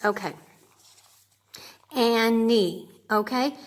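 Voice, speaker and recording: Patient teacher woman sounding words out. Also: on the high side. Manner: patient, repeats okay often, sounds words out slowly. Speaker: grade two teacher. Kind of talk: remote lesson for young children.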